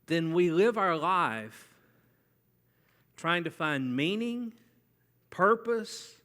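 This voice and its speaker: Male pastor, fairly high, bright tone, chatty preaching, church reverb. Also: expressive, takes it slowly, pauses often. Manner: conversational, asks the congregation questions. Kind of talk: sermon. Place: church sanctuary. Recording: long church hall reverb.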